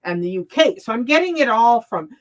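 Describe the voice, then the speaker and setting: A woman talking in a casual opinion chat, halting and restarting often, with frequent laughs. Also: fairly high pitch, big pitch swings.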